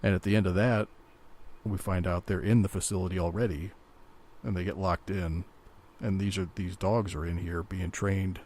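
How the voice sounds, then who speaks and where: A man's voice: sits low, steady tone, moderate pace, darkish tone. A man co-hosting a comic-book podcast in casual chat, explaining his points at length. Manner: explanatory, rambling with restarts. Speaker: podcast co-host.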